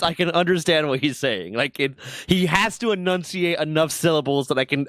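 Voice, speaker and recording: A man's voice: on the high side, moderate pace, fairly bright tone, no room sound. Streamer host: an American man who rambles and curses and laughs easily, recorded dry and up close. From United States. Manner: profane, rambling, laughs often. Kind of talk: casual podcast-style chat.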